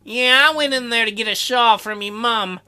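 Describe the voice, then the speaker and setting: A man voicing a gruff male sailor with a working-class lilt who talks in a curt, mocking way. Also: very high voice, moderate pace, sharp tone, faint music behind, full character voice.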